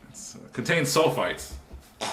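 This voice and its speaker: Rambling crude man, animated pitch. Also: moderate pace. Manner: rambling and crude, joking often. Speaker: podcast co-host. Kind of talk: casual chat. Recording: echoey room, distant mic, faint noise.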